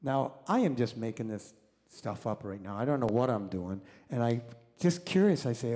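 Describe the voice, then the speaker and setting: A man's voice: medium pitch, moderate pace. A middle-aged man, a doctor, telling a personal story in a sermon and acting out the voices of the people in it. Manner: animated storyteller, acts out quoted voices, engages the audience. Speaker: doctor and guest speaker at a congregation service. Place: congregation hall. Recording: long reverb of a hall.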